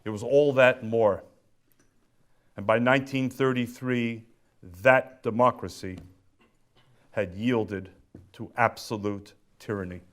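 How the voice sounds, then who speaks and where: A man delivering a public speech as featured speaker, with measured pacing, deliberate pauses and emphatic stresses. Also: medium pitch, fairly even intonation.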